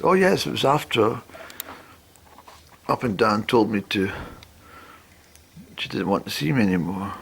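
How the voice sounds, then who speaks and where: A man rambling through a personal story, expressive and swearing now and then. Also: mid-range voice, vocal fry, breathy edge.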